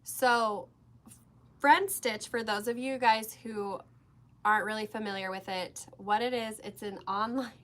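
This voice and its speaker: A woman's voice: mid-range voice, fairly even intonation, a little slow, a bit bright. A woman co-hosting a casual craft-shop livestream, chatting and laughing while she stitches. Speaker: shop co-host.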